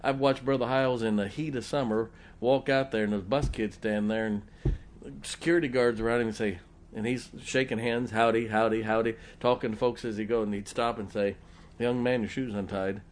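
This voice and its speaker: A man's voice: medium pitch, fairly even intonation, a little fast. A middle-aged man preaching a sermon, telling folksy personal stories and putting rhetorical questions to the congregation.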